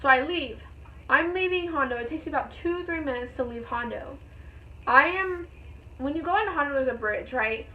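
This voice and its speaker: A young woman vlogger telling a story in a rambling, excited way, with lots of fillers. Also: high-pitched, moderate pace. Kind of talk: casual storytelling vlog. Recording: tinny phone-like sound.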